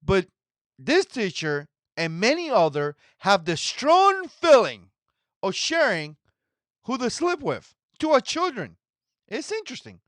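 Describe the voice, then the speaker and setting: A man in his forties hosts a reaction video with an indignant, repetitive manner. His pitch swings up and down a lot as he talks. The voice sounds dry and close, with almost no room sound. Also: huge pitch swings, unhurried, fairly bright tone, dry recording. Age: 40s. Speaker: commentary channel host. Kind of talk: reaction commentary.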